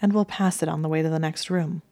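A woman's voice: deep voice, fairly even intonation, fast, a little mellow, no echo, clean studio sound. A woman voicing a smug, leering young wizard man who drawls his lines blandly.

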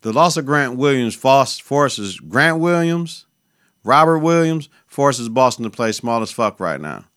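A man's voice: medium pitch, very animated, unhurried, a bit bright, smooth, no room sound, clean studio sound. Profane, slangy man talking sports. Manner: loose, profane, slangy, conversational. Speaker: podcast host. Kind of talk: casual sports talk.

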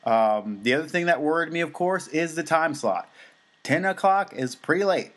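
A man's voice: a little high, expressive, moderate pace, a bit bright. An American man co-hosting a podcast, talking in a rambling, casual way with many fillers and restarts. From United States. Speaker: podcast co-host. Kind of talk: casual chat.

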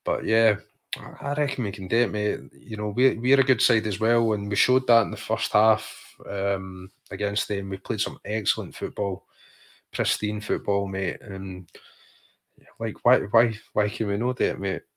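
A man's voice: lowish voice, moderate pace, a bit bright. A man with a Scottish accent co-hosting a podcast, chatting casually about football, often repeating words as he thinks and calling his friend mate. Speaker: podcast co-host.

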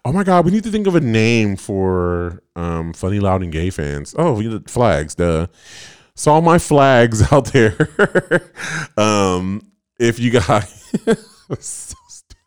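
A man's voice: fairly low pitch, big pitch swings, takes it slowly, clear, resonant tone, no echo, clean studio sound. A man in his late twenties, a podcast host, telling a rambling, profane story in a casual way with lots of "like" fillers.

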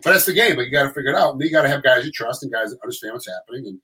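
A middle-aged man telling stories in a quick, tumbling rush. His tone is bright and forceful. He acts out what others said in animated voices. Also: mid-range voice, low-quality recording. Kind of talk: casual storytelling chat.

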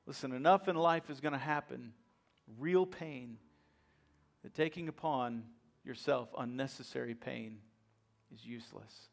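A male pastor preaching a sermon, retelling a story dramatically and swinging from hushed lines to loud, emphatic ones. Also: medium pitch, a little slow, gravelly.

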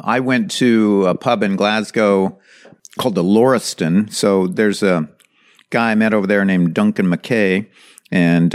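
Male host, low voice, conversational, leads the talk. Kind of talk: casual podcast chat.

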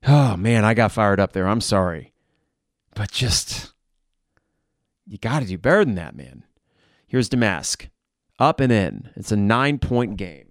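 A man hosting a live game reaction podcast, blunt and frustrated, who swears and flares into shouting. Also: on the low side, lively intonation, a little slow, pauses often, no room sound, clean studio sound.

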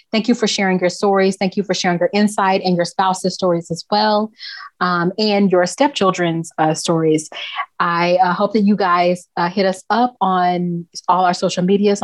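A woman's voice: mid-range voice, dry recording. A woman hosting a podcast in casual chat, blunt and profane, mocking herself as she talks. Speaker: podcast host.

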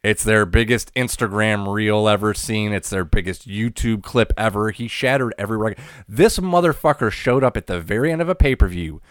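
A man co-hosting a wrestling podcast in excitable, profane casual chat, laughing often. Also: fairly low pitch, a little fast, no echo, clean studio sound. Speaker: podcast co-host.

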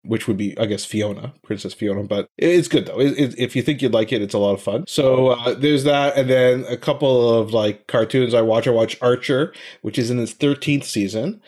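A man co-hosting a podcast in casual chat, animated and rambling, often trailing off into mumbles. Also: mid-range voice, moderate pace, hardly any pauses. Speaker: podcast co-host.

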